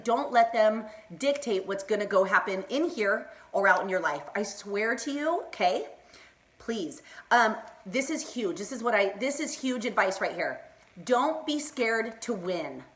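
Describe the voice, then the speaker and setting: A middle-aged woman with a mid-range, expressive voice chats at a normal pace on a casual Facebook Live stream. She's bubbly and rambling, laughs often, and addresses her viewers by name.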